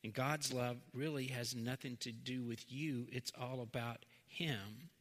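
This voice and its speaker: A middle-aged man preaching in an earnest, heartfelt way, sometimes dropping low and slow, then pressing a point with force. His voice sits at an ordinary male pitch and rings with a long hall reverb. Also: fairly even intonation. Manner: earnest, swings from soft to emphatic. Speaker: pastor. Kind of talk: sermon.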